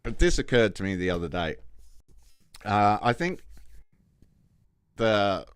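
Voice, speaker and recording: A man's voice: fairly low pitch, big pitch swings, takes it slowly, smooth, no echo. A man hosting a casual solo podcast, rambling and swearing, with frequent restarts. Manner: rambling, profane, many restarts. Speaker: podcast host.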